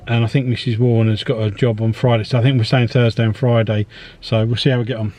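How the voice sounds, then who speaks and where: A man's voice: medium pitch, little pitch movement, quick pace, a little mellow. A man talking in a weary, matter-of-fact way for a casual video diary. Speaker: vlogger's husband.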